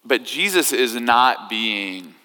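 A man preaching a sermon, telling a story in a conversational, animated way. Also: medium pitch, slow pace, smooth. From United States. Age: 30s. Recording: echoey hall.

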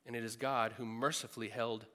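A man's voice: medium pitch, level tone, a little fast, bright, forceful tone, big-room sound. A man preaching a sermon in a large room, earnest and emphatic, repeating phrases for stress.

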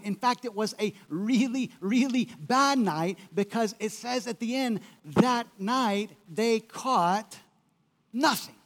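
High-voiced pastor preaching in reverberant hall. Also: male voice. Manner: animated storytelling, acting out quotes, conversational asides. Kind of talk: sermon.

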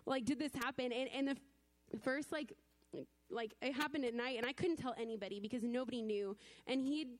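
A young woman in her twenties sharing a personal testimony at church, speaking in a loose, chatty way with lots of "like" and nervous laughter. Her voice sits a little high, and the sound is close and dry, with no room around it. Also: no room sound. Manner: conversational, full of "like" fillers.

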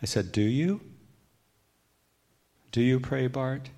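A middle-aged man giving a reflective personal testimony as a guest speaker, dropping to a hushed tone when he quotes others. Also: medium pitch, takes it slowly. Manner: reflective storytelling, quoting others in hushed tones.

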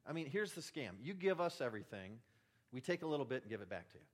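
A man's voice: medium pitch, sing-song, fast. A middle-aged man, a church elder, giving a sermon in a chatty, self-deprecating way with light humor. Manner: self-deprecating, conversational, warm asides.

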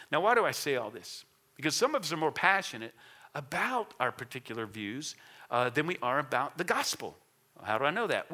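A man's voice: on the high side, pushed and bright. A middle-aged man preaching a sermon in a church, earnest and emphatic, often repeating words as he builds a point. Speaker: pastor.

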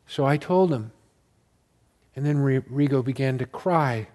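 A man's voice: medium pitch, unhurried, long pauses, warm tone. A man preaching a sermon as pastor, telling a story earnestly and repeating key words for emphasis.

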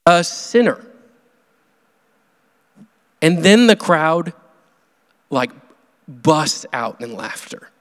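A man delivers a sermon in a high, clear voice, earnest and measured with dramatic pauses. His words ring out with a long reverb, as in a large hall. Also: very animated. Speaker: pastor.

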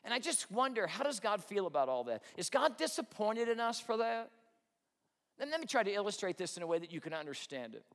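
A male pastor preaching a sermon, telling stories in an animated way and acting out both sides of the conversations. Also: sits high. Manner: animated storytelling, acts out both sides of dialogues. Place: church sanctuary. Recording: long hall reverb.

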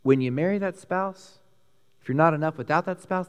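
A man with a Texan accent preaching a sermon, emphatic and animated, swinging between loud peaks and hushed lines. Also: a little high, a little fast, clear, resonant tone, big-room sound. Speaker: pastor.

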